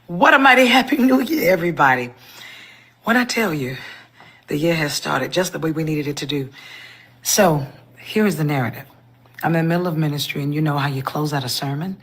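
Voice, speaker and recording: A woman church singer and preacher explaining herself in a social media clip, preachy and self-assured, with a husky voice. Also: low-pitched, brisk, fairly bright tone.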